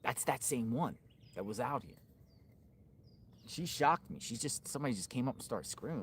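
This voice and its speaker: A man hosting a livestream from outdoors, giving excitable, rambling on-the-spot commentary. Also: mid-range voice, moderate pace, long pauses, a little hiss or hum. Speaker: livestream host. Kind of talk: live on-location commentary.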